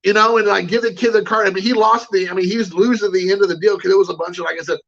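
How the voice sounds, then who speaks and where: A man's voice: high-pitched, fairly even intonation, fast talker, fairly bright tone, lo-fi sound. A man hosting a collecting show, telling a rambling anecdote in casual chat and greeting viewers. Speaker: card collecting show host.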